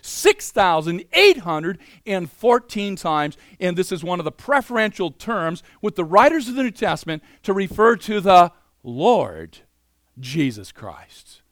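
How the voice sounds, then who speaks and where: Male preacher, somewhat high voice, dry close mic; animated sermon delivery with chatty asides. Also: a little slow, hardly any pauses, no echo. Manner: animated, swings between loud emphasis and quiet asides; conversational, many "you know" fillers.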